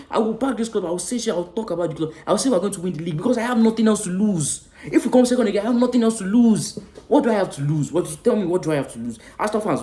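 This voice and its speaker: A man hosting a football fan channel, delivering a passionate, preachy match-reaction rant that swears freely and swings between loud outbursts and hushed asides. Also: high voice, echoey room.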